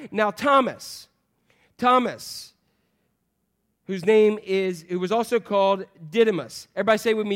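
Higher-voiced man preaching a sermon, animated, joking, playful asides. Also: normal speed. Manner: animated and joking, acting out voices of the people in the story. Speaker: pastor.

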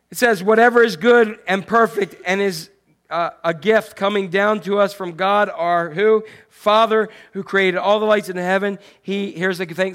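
A man delivers a sermon in a high, lively voice. He acts out quotes loudly, then drops to soft, hushed asides. He talks like a pastor chatting with his congregation. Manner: animated, swings from loud acted quotes to soft hushed asides.

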